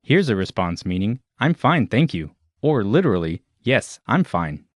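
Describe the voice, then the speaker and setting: A man narrating a scripted language lesson in a clear, measured way. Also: on the low side, big pitch swings, no room sound. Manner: clear, measured instructional delivery.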